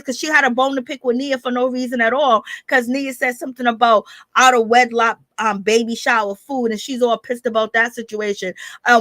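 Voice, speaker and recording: A woman's voice: on the high side, dry recording. A woman hosting a casual recap stream, talking to her viewers with lots of laughter and slang. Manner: animated, laughing, addresses viewers as y'all. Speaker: reality TV commentary host.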